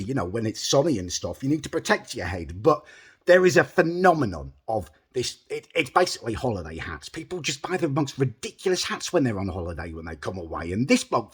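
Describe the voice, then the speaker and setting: A man tells a comic story straight to camera, sweary and exasperated, puffed up with his own importance. His voice has a husky grain. His pitch rises and falls a lot as he talks. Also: a bit bright. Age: adult, older than mid-twenties. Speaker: storytelling host.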